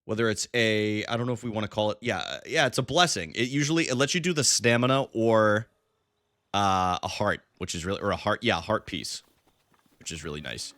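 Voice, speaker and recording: A man's voice: fairly low pitch, a little fast, fairly bright tone, dry recording, clean studio sound. A young man casually commenting on a game he is live-streaming, greeting viewers in chat by name and using lots of fillers.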